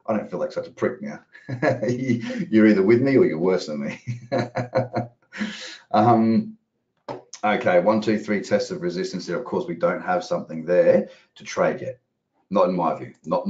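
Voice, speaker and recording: A low-sitting, darkish male voice carries casual, rambling live commentary on the markets. He's a trading educator, chatty and given to offhand profanity. Expect roomy, muffled lo-fi audio.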